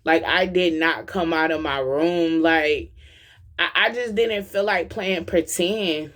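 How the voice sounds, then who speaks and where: A woman's voice: deep voice, slow, a bit bright. A young woman from the American South giving an impassioned, slangy personal testimony as a vlogger, preaching directly to her viewers. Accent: Southern US, Atlanta.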